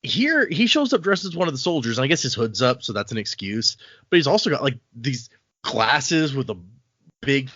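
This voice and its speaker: A man's voice: medium pitch, sing-song, normal speed, sharp tone, slightly rough, no room sound. A man chats through a book chapter on a podcast, retelling scenes and quoting the characters as he goes. His voice sits in a middle register. The recording is dry and a touch dull. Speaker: podcast co-host. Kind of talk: casual book discussion.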